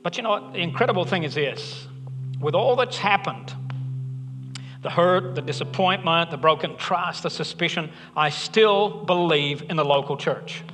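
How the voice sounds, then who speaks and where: A man's voice: on the high side, moderate pace, a bit bright. A man preaching a sermon as pastor, conversational and earnest with joking asides. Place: church hall. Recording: long hall reverb, faint music.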